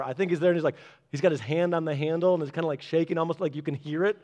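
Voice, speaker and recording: High-voiced animated male pastor. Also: quick pace. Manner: animated, acts out voices with big pitch jumps. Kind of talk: sermon.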